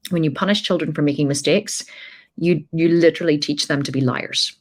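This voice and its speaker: A woman's voice: low voice, brisk. A woman hosting a podcast, telling a personal story in a blunt, emphatic way and swearing freely. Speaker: podcast host.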